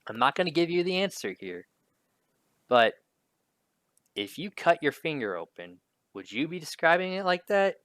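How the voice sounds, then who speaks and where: A man's voice: fairly high pitch, big pitch swings, normal speed, pauses often, fairly bright tone, dry recording. A male teacher giving a casual spoken lesson, talking his students through questions in a conversational way.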